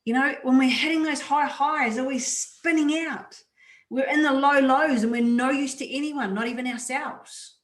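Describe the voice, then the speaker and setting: A woman's voice: high voice, moderate pace, roomy sound, recorded from a distance. A woman co-presenting a webinar over a video call, talking emphatically with casual slang. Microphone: video call mic.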